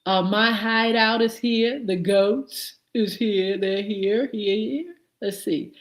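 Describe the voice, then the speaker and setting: A woman's voice: mid-range voice, fairly even intonation, takes it slowly. A woman hosting a live morning show, greeting viewers by name and giving show updates with many fillers. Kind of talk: live-stream greetings and announcements. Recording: echoey room.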